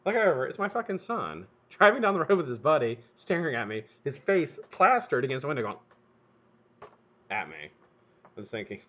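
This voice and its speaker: A middle-aged man hosting a live stream, telling a profane, animated story while he works. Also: fairly high pitch, fairly quick. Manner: animated, profane, laughs at his own story. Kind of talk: casual storytelling while building coils. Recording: dull lo-fi stream audio.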